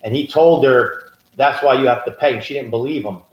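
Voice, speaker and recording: A man co-hosts a casual political podcast and tells stories with growing emphasis, often building into a rant. His voice sits mid-pitch and carries a roomy echo. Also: brisk, highs cut off. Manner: animated storyteller, rising emphatic rants. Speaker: podcast co-host.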